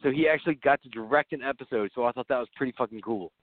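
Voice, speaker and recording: A man's voice: mid-range voice, very fast, no echo. A man co-hosting an online talk show in a put-on English accent, laughing often and swearing. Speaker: podcast co-host. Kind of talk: casual chat. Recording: dry, tinny phone-like line.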